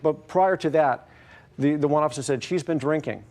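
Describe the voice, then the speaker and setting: Halting man testifying in court. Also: a little high, a little mellow. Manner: hesitant, halting, many fillers. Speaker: plaintiff.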